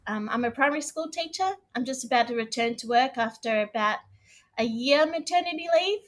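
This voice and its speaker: A woman's voice: on the high side, brisk. A woman in her thirties with an Australian accent chatting casually as a podcast guest, friendly and a bit hesitant. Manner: friendly, hesitant with frequent ums. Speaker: guest contestant. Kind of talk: casual chat.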